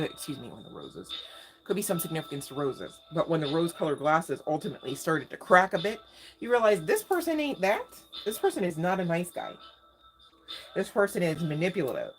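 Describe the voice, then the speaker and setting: A woman giving a casual live tarot reading, slangy and emphatic, talking straight to her viewers. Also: low voice. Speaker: tarot reader. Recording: faint music in background.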